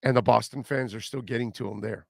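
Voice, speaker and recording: A man's voice: medium pitch, fairly even intonation, fast talker, gravelly, no room sound, studio quality. A man hosting a sports radio show, talking casually with fillers and repeated words.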